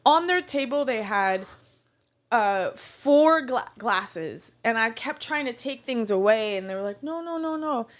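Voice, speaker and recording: Woman co-host, slightly high voice that swings widely; chatty storyteller who trips on words. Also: measured pace. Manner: animated storyteller, stumbles over words. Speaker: podcast co-host; restaurant server. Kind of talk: casual chat, storytelling.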